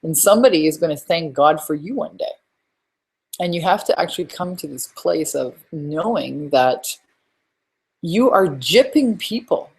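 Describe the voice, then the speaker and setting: A woman hosting a live webinar from home as a business coach, talking in an energetic, rambling, emphatic way. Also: low voice, normal speed, creaky, husky.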